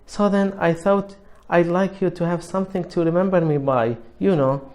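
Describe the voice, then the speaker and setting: A man reading aloud and voicing a steady, quiet teenage girl in a hushed, low voice. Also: moderate pace, lightly acted. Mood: earnest.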